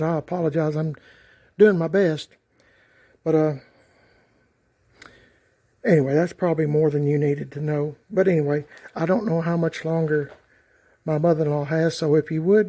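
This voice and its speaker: A man's voice: a little high, dark tone. A middle-aged man talking casually to his viewers outdoors, rambling with many fillers and restarts. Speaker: YouTube vlogger. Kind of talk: casual talk to camera.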